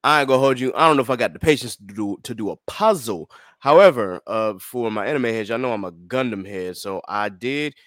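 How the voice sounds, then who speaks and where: A man's voice: mid-range voice, brisk, few pauses, fairly bright tone, dry recording, clean studio sound. A man hosting a casual podcast chat, upbeat and passing the talk to his co-hosts. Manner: upbeat, hands the floor to co-hosts. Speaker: podcast host.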